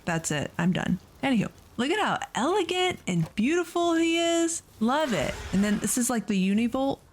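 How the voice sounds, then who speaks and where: Chatty, excitable woman gaming host. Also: mid-range voice, slight background noise. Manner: chatty and excitable, gushing over creatures. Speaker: let's play host. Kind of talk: casual gameplay commentary.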